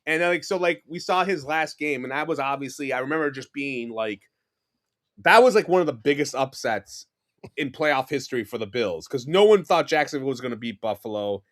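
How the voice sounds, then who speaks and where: A New York City man in his forties, appearing as a podcast guest, tells rambling, animated stories in casual conversation full of fillers and restarts. His voice sits in the mid-range and he talks briskly.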